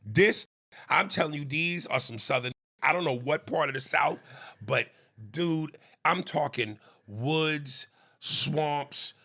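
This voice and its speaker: Raspy man on a podcast going off on a comedy rant, gravelly and bright, animated. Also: fairly high pitch, slow pace. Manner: animated, slips into mocking impressions. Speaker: podcast co-host.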